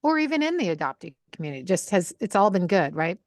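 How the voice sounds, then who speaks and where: A woman's voice: on the low side, big pitch swings, quick pace, dry recording, clean studio sound. Friendly woman podcast co-host. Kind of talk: casual conversational interview. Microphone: video call.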